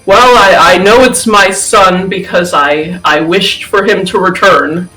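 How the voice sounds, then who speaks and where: A man voicing a gentle, anxious middle-aged male researcher who is also a father, speaking in an earnest, softly pleading way. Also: high voice, a little slow, soft background music, low-quality recording.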